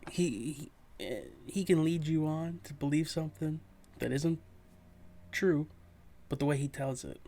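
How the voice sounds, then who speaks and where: Man, reaction video host, slow halting speech, slightly high voice, casual comments. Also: dark tone. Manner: halting, repeats words while searching for them.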